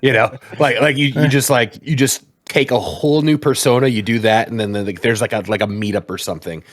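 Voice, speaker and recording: A man's voice: medium pitch, steady tone, fairly quick, no room sound, studio quality. A man co-hosting a casual gaming podcast, chatting playfully and rambling with laughs. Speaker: podcast co-host.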